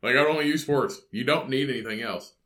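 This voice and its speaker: A man's voice: medium pitch, fast talker, sharp tone. A man co-hosting a podcast, chatting casually in a crude, joking, rambling way. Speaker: podcast co-host. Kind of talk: casual chat.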